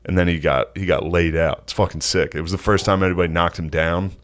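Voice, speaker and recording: A man's voice: deep voice, steady tone, quick pace, fairly bright tone. A young man co-hosting a podcast, telling stories in casual, profane talk and laughing often. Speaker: podcast co-host. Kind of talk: casual chat.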